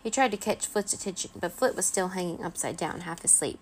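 A woman narrating a children's chapter book aloud, steady and expressive. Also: on the low side, normal speed, hardly any pauses. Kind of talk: children's storybook reading.

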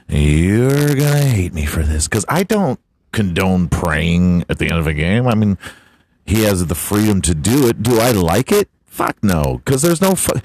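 A man's voice: mid-range voice, darkish tone, slight background noise. A man hosting a podcast, ranting bluntly and swearing constantly in a comedic tirade. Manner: foul-mouthed, blunt, ranting. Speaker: podcast host. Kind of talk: profane comedic rant.

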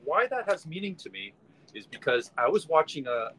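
A man in casual movie chat, talking in halting starts and restarts. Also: fairly high pitch, big pitch swings, pushed and bright, low-quality recording. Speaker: podcast co-host.

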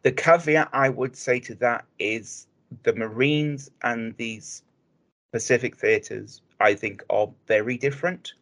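A man co-hosting a hobby podcast, speaking in a measured, explanatory way with frequent restarts. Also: medium pitch, fairly bright tone. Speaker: podcast co-host. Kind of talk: casual chat.

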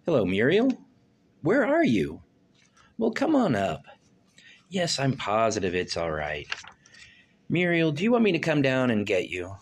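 A woman's voice: very deep voice, wildly swooping pitch, a little slow, long pauses, a little hiss or hum, heavily acted. A woman playing an eager, effusive middle-aged male film producer in a rehearsed stage play reading. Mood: brisk. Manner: effusive, gushing. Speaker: actor in a rehearsal.

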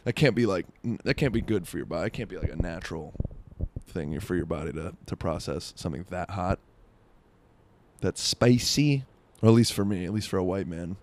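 Low, a little mellow and animated, this young South Floridian talks a little fast over slight background noise. He riffs through a crude, rambling comic monologue, repeatedly restarting and filling it with "like."

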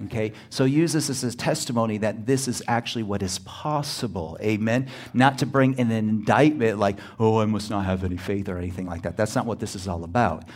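A male pastor preaching a sermon, emphatic and often rising to near-shouted exclamations, calling out to the congregation for a response. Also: on the low side, a little fast, few pauses.

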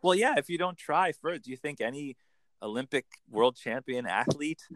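A man, a coach explaining in an enthusiastic conversational interview with quick acted examples. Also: medium pitch, animated, a crowd in the background. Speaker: accent coach.

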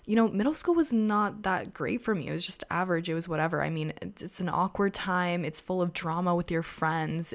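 A teenage girl from America hosting a casual solo podcast, chatty and rambling with lots of fillers. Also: lowish voice. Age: teens. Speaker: podcast host.

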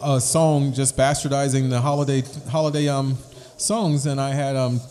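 A man's voice: mid-range voice, fairly even intonation, normal speed, dark tone. Guy hosting a chat podcast, rambly, likes rhyming, mid voice, long echo in the room. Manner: rambling, repeats himself, rhymes for fun. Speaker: podcast host. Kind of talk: casual chat.

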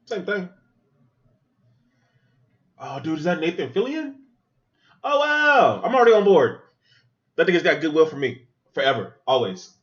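A man's voice: fairly high pitch, big pitch swings, unhurried, pauses often, a bit bright, muffled recording. A man hosting a podcast, giving loose, joking, profane running commentary while he watches a film. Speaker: podcast host. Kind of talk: casual movie watch-along commentary.

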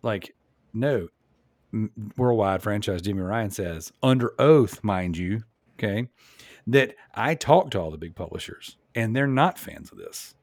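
A man's voice: lowish voice, expressive, measured pace, dry recording, studio quality. A man hosting a casual podcast, making his points emphatically, often restarting and asking "you know what I'm saying?". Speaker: podcast host.

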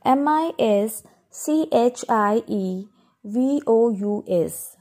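A woman gives schoolchildren a pronunciation lesson, spelling each word letter by letter and repeating it while addressing the class directly. Her voice is on the high side, expressive and a little mellow, and she speaks slowly, patiently and instructively.

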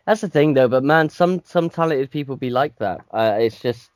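A man's voice: medium pitch, lively intonation, moderate pace, dry recording, clean studio sound. A young man, chatting agreeably on a podcast and asking the others questions. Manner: agreeable, lots of backchannel, laughs. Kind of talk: casual chat.

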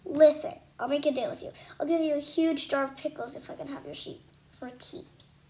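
A woman's voice: sits high, steady tone, normal speed, dark tone, close to an everyday voice. Woman doing a scratchy-voiced bossy little girl. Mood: pushy.

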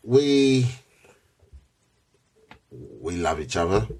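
A middle-aged dad hosting a family podcast, talking in an earnest, rambling way. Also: male voice, low-pitched, sing-song, drawn-out words, darkish tone, slight background noise. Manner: earnest, rambling, laughs often. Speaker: podcast host, father. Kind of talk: casual family podcast chat.

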